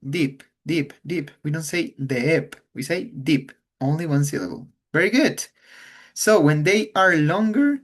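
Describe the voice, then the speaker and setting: Man teaching English, unhurried and careful, repeats words so students hear them. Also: on the high side. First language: Spanish. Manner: slow, patient, repeats words to model pronunciation. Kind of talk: online English class.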